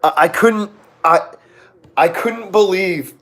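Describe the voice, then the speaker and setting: Young dude on a live stream just chatting, kinda high voice, keeps repeating himself. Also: male voice, expressive, a little slow, pauses often, a bit bright. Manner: rambling, repeats himself, laughs often. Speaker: livestream host. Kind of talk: casual live Q&A chat with viewers.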